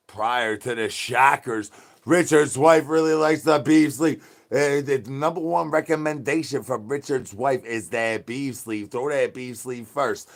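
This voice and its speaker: A man live streaming in a goofy zombie persona, rambling with sing-song rhymes and yelling at his chat. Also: medium pitch, moderate pace. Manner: silly rhyming and sing-song wordplay.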